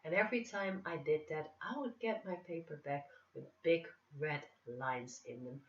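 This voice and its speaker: A woman's voice: deep voice, normal speed. Chatty woman in a roomy echo. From Netherlands. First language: Dutch. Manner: chatty, self-mocking. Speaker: vlogger. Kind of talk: casual chat. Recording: roomy, distant, dull sound.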